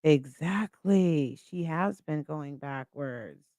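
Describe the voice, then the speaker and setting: Woman streamer chatting slow, reads comments, smooth clear voice. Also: deep voice, warm tone, dry recording, clean studio sound. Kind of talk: casual live-stream commentary.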